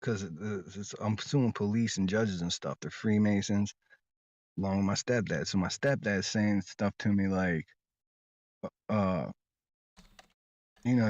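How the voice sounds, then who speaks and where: A rambling, insistent man with a lowish voice tells his story in loose casual talk, stumbling over repeated words. The audio is dull and lo-fi, with a dry, close sound. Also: unhurried, pauses often, a little mellow, no echo. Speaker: interview guest.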